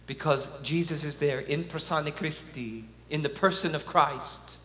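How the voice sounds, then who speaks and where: At a conference in a large hall, a speaker gives an earnest, conversational preaching talk, chuckling now and then. His voice is fairly high and fairly bright, his pace unhurried, and the recording has an echoey hall with a faint hum.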